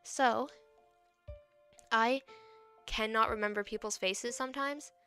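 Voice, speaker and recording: Young woman, 18, chatty streamer; smooth, clear voice. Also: a little high, fairly even intonation, slow, pushed and bright, soft background music. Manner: rambling, chatty. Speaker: VTuber. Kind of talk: casual chat.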